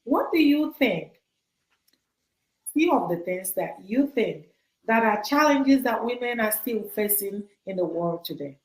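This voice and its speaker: A woman's voice: medium pitch, expressive, measured pace. A woman interview host who asks supportive questions and echoes the guest's words back.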